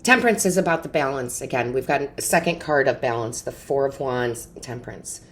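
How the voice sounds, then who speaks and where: Speaking to camera in an extremely low, brisk voice, this tarot reader and medium gives an intuitive reading. She is earnest and emotional, checking in often with "right?" and "okay?".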